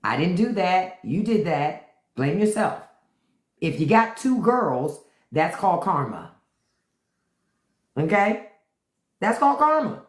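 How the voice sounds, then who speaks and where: A middle-aged woman hosting a live stream, chatting with viewers in a blunt, profane, animated way. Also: lowish voice, slow, pauses often, reverberant.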